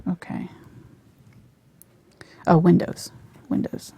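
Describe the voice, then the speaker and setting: A woman teaching a live painting lesson on a lapel mic, soft-spoken and often dropping to a near whisper as she works. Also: slow pace. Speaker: painting instructor.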